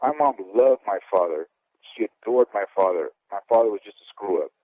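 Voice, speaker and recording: A man's voice: lowish voice, lively intonation, fairly quick, no room sound. A man in his fifties, a former boxer, telling his life story in an interview in a candid, rambling way, often asking "okay?". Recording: dry, phone-like audio.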